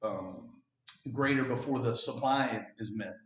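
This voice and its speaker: A man's voice: mid-range voice, measured pace. A man from Texas chatting casually as a podcast co-host, rambling with restarts and fillers. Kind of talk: casual chat. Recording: roomy echo, a bit far from mic.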